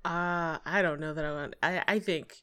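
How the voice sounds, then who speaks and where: A woman's voice: low voice, moderate pace, smooth. A woman playing a tabletop game, chatting casually with frequent laughs. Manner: laughing, animated chat. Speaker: player.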